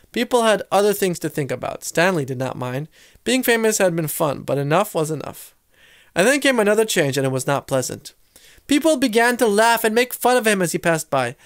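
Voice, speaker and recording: Storybook reader, a man with a high voice, dry close recording, lively character voices. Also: normal speed, no echo. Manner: expressive, shifting voices for characters. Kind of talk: storybook read-aloud.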